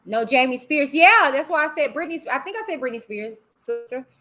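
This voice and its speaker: A woman's voice: high voice, expressive, fairly quick, bright, forceful tone. A woman hosting a live stream, talking bluntly and animatedly in casual commentary. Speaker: livestream host.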